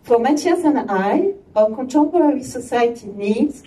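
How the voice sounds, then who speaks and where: A woman with a French accent gives an opening speech in a mellow, fairly high voice, slipping in chatty asides. She is heard from far off in an echoey room over a faint hiss. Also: expressive, moderate pace. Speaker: chairperson of an arts organization. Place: gallery opening event.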